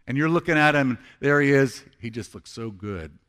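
A man's voice: medium pitch, lively intonation, moderate pace, fairly bright tone, smooth. A man preaching a sermon as pastor, conversational and earnest, acting out heartfelt prayers.

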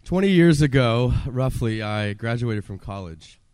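A man's voice: mid-range voice, a little mellow, smooth. A man in his forties telling his own life story to an audience as a personal testimony, earnest, acting out his past pleas.

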